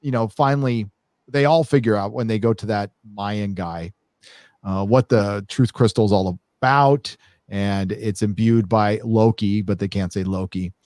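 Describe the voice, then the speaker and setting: A man's voice: fairly low pitch, unhurried, a little mellow, no echo, clean studio sound. A man co-hosting a casual podcast movie review, rambling with lots of fillers and restarts. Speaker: show co-host.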